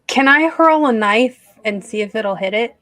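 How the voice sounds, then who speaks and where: A woman playing in a tabletop game, quick and practical as she talks through her dice rolls and actions. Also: a little high, lively intonation, a bit bright, no echo. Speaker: player.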